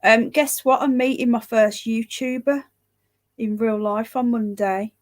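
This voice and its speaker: A woman on a relaxed home livestream, tired and yawning as she chats. Her voice sits a little high, loose and rambling, with a casual swear here and there. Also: measured pace. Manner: chatty, rambling, swears casually, greets viewers by name. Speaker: livestream host reading live chat.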